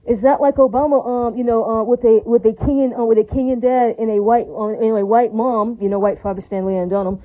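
A woman's voice: a little high, steady tone, phone-quality sound. A woman delivering a rambling, heated monologue. She swears freely, repeats herself, asks the listener questions and keeps adding "right?" and "all right, now". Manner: rapid, heated, profane, with constant "right?" and "all right, now" tags.

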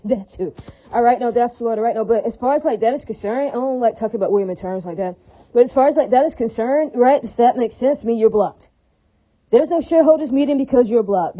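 Poor audio captures a woman with a high-pitched, dark voice that has a breathy edge. She rants on her own without a script, profane and repetitive, forever asking "right?" and "does that make sense?" to check her listeners follow.

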